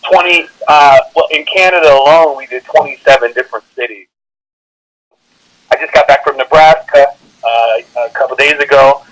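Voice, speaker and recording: A male comedian telling stories in an interview, energetic and animated, often laughing as he talks. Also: medium pitch, moderate pace, poor audio. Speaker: comedian guest. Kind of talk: animated storytelling.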